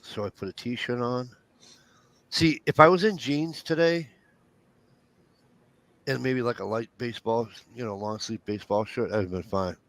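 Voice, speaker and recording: A man's voice: mid-range voice, normal speed, pauses often, no room sound. A middle-aged man telling funny family stories in casual chat, acting out the voices of the people he quotes and cursing freely. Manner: animated storyteller, acts out quotes, profane jokes.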